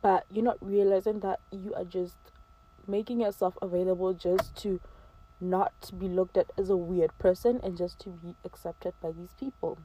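A woman's voice: on the low side, steady tone, moderate pace, warm tone, slight background noise, poor audio. A teenage girl giving emphatic, preachy advice straight to camera, slipping into mocking quoted voices. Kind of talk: casual advice monologue to camera.

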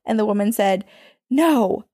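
A woman's voice: medium pitch, normal speed, vocal fry, darkish tone, no room sound, clean studio sound. A woman co-hosting a podcast, reading a listener's ghost story aloud in a conversational way. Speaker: podcast co-host.

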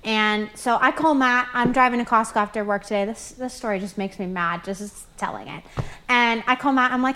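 A woman's voice: on the high side, normal speed, a little hiss or hum. Chatty young woman telling stories. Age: 20s. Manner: animated storyteller, many fillers. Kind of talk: casual chat, storytelling.

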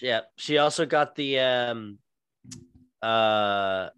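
A man's voice: mid-range voice, extremely slow, a bit bright, smooth, no room sound. A man co-hosting a podcast in casual chat, rambling with many ums and restarts. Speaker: podcast co-host.

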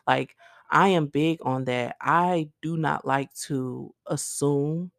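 Woman rambling on her podcast, low gravelly voice, dry close sound. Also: takes it slowly, dry recording. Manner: earnest, rambling, heavy on "like" and "literally"; speaks directly to listeners. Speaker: podcast host. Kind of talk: casual faith-based monologue.

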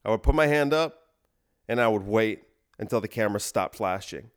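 A man hosting a podcast, delivering a deadpan comedic monologue of escalating absurd bits. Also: fairly low pitch, normal speed. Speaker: podcast host.

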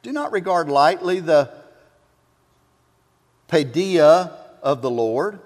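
A man's voice: fairly high pitch, expressive, slow pace. A man preaching a sermon as pastor, who tells stories and builds to fervent, repeated exhortation. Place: church sanctuary. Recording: long hall reverb.

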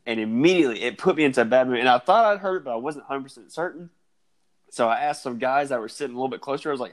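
Man, podcast co-host, casual chat, storytelling, very lively pitch, swears. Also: brisk. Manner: animated storyteller, swears, acts out quotes.

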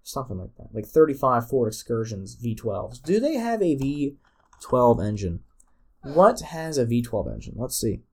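A man's voice: mid-range voice, big pitch swings, normal speed, a little mellow. A man hosting a solo podcast, rambling and joking with many restarts. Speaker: podcast host.

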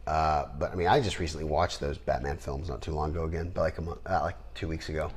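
A man hosting a podcast in casual chat, rambling and trailing off into low mutters. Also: fairly even intonation, fast, a little hiss or hum. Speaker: podcast host.

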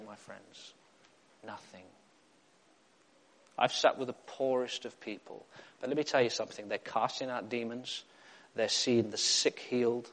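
A man preaching a sermon, emphatic and repetitive, building up to excitement. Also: mid-range voice. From South Africa.

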